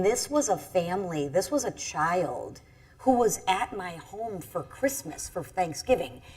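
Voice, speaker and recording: A middle-aged woman, a congresswoman, telling a personal story on a panel in an earnest, halting way with many restarts. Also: medium pitch, breathy edge. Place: event stage.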